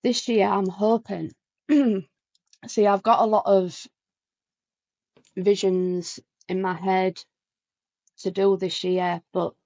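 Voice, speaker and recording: A woman's voice: mid-range voice, flat delivery, slow pace, pauses often, darkish tone, dry recording, poor audio. Chatty woman telling a story. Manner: chatty, full of "like" and restarts. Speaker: guest musician. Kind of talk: casual storytelling interview.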